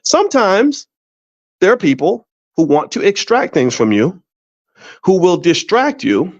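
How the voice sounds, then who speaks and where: A middle-aged man hosting a finance show, talking straight to his audience in a casual, emphatic way, with many restarts and lively storytelling. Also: a little high, dry recording. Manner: emphatic, repetitive restarts, storytelling with exaggerated voices. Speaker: finance educator and show host. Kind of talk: casual direct-to-camera commentary. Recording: dry, dull lo-fi sound.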